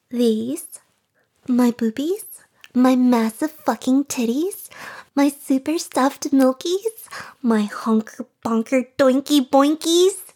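A woman's voice: high-pitched, darkish tone. A woman putting on a silly voice as a bubbly, boastful woman, exaggerated and bouncy. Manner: exaggerated, bouncy, over-the-top.

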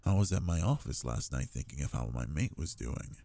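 A man playing a possessive, doting alpha lover in an intimate audio role-play, talking in a low, teasing way. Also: expressive, fairly quick, vocal fry, warm tone, no echo, exaggerated voice. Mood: tender.

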